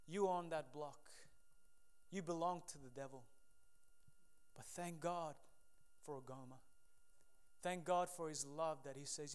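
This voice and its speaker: Impassioned preacher, high clear voice. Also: male voice, unhurried, pauses often. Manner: impassioned preaching, swinging from loud to hushed. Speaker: pastor. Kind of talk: sermon.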